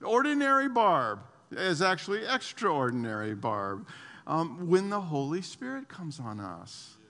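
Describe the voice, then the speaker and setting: A man preaching a sermon to his church, animated, laughing often and repeating his words. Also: a little high, measured pace, big-room sound. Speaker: pastor.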